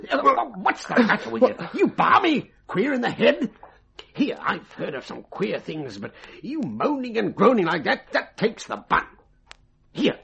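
An actor playing a breezy, wheedling stage mind-reader who talks in slang, in a vintage radio drama. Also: male voice, on the high side, creaky, fairly bright tone, heavily acted. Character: brash cockney male stage mind-reader.

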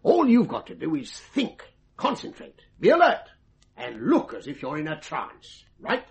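An actor playing a breezy, wheedling stage mind-reader who talks in slang, in a vintage radio drama. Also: male voice, on the high side, huge pitch swings, a little slow, breathy edge, heavily acted. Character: brash cockney male stage mind-reader.

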